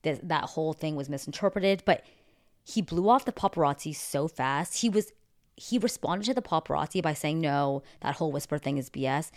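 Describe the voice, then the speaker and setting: A woman's voice: deep voice, a little mellow. A young woman talking through celebrity gossip in a casual, opinionated way, full of asides and fillers. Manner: chatty, opinionated, fast asides, lots of "like". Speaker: pop culture commentator.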